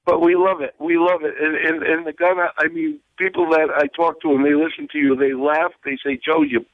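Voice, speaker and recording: A man's voice: fairly high pitch, little pitch movement, fairly quick, no echo. Man, radio caller, enthusiastic, phone-line sound. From Rhode Island. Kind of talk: phone-in call.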